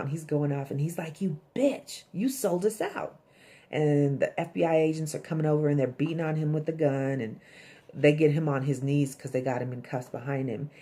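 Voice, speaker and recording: A woman's voice: sits low, mellow. A woman casually recapping a TV episode, blunt and chatty, swearing and acting out the characters' lines. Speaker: TV episode reviewer.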